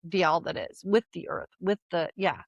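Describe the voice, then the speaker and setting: A woman's voice: on the low side, fairly even intonation, moderate pace, vocal fry, no room sound, dull audio. An older woman talking as a guest in a casual conversation, telling stories animatedly with restarts and laughter.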